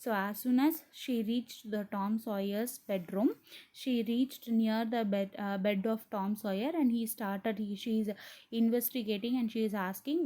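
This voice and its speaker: Mellow-voiced woman teacher with a Tamil accent. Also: fairly high pitch, fairly even intonation, moderate pace. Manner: switches often into Tamil, with many fillers and restarts. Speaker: English teacher. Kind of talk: explaining a story line by line.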